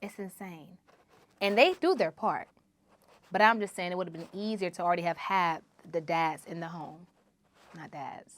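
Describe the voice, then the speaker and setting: A woman hosting her own podcast, preaching emphatically and repeating phrases, moving between loud exhortation and low asides. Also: moderate pace. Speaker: podcast host. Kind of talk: solo podcast monologue.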